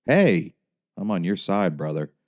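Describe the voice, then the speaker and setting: A man voicing a volatile, profane biker patient who shouts and rants. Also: low voice, sing-song, unhurried. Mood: ranting.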